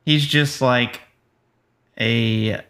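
A man co-hosting a casual movie-review podcast, speaking in a dry, matter-of-fact way with many pauses. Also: mid-range voice, steady tone, a bit bright. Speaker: podcast co-host.

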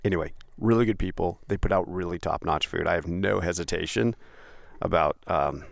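A man with a very low, gravelly voice hosts a podcast in a casual, rambling way, full of ums and restarts. The sound is dry and close. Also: fairly quick, no echo. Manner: rambling, with many fillers and restarts. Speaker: podcast host. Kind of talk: casual chat.

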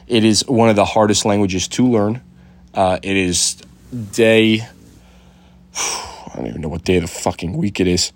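A man's voice: on the low side, no echo. Rambling, foul-mouthed young man. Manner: loose and swearing, full of fillers and restarts. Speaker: podcast host. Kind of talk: casual rambling chat.

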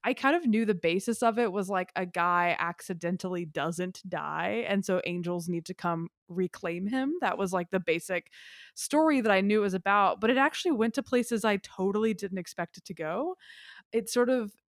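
With a medium-pitched voice and moderate pace, a female podcast co-host talks films casually, rambling enthusiastically and leaning heavily on fillers. The studio sound is clean, with no echo.

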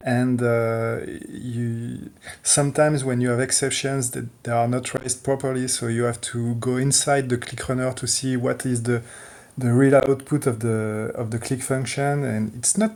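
Gravelly man talking haltingly. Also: mid-range voice, level tone, a little mellow. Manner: halting, many fillers and restarts. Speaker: community contributor. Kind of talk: casual tech chat. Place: online voice call.

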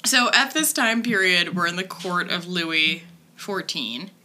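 A woman's voice: lowish voice, expressive, unhurried, very noisy. A woman from Ireland co-hosting a podcast, telling a true crime story in a chatty, wry way with lots of fillers. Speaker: podcast co-host.

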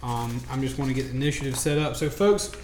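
Man, tabletop GM, halting narration, roomy echo and faint room noise. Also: mid-range voice, lively intonation. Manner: hesitant, filler-heavy narration. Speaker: game master.

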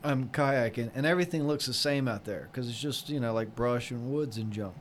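A man telling a story in a casual chat, rambling and animated, full of fillers. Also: mid-range voice, fairly quick, a little hiss or hum. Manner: rambling, animated retelling with lots of "like" and quoted voices.

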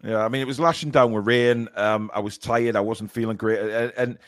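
A man's voice: on the low side, steady tone, brisk, no echo, clean studio sound. A man co-hosting a casual fan chat show, speaking hesitantly with many ums and repeated words, sore and a little shaken. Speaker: co-host of a football fan show. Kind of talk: casual live-stream chat.

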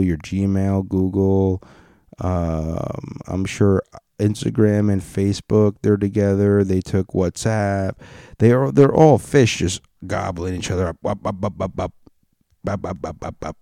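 A man's voice: sits low, dark tone, no echo, clean studio sound. A man in a casual, rambling rant full of swearing and restarts. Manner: rambling, profane, restarts a lot.

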